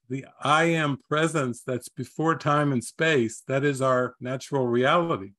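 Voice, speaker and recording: Chuckling spiritual teacher man, higher voice. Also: fairly bright tone. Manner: chuckles often between phrases. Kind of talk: gentle spiritual teaching talk.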